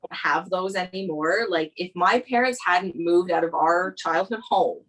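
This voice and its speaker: A woman in her thirties chats as a podcast guest with a somewhat low voice. She talks in an easygoing way and laughs easily. She is relaxed and unhurried between remarks. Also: poor audio. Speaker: podcast guest, doll maker. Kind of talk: casual chat.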